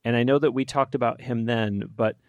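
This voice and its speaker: A man's voice: medium pitch, fairly even intonation, a little fast, clean tone, no room sound, highs cut off. A man hosting an interview podcast from a radio studio, upbeat and full of enthusiastic reactions. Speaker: podcast host.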